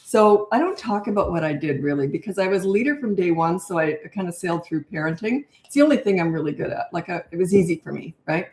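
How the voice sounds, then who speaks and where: Older lady coaching parents live, blunt and chatty, lowish voice, roomy echo. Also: lively intonation, quick pace, few pauses, darkish tone. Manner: chatty and blunt, laughs at her own stories. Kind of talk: live Q&A, reading viewer questions. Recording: echoey room.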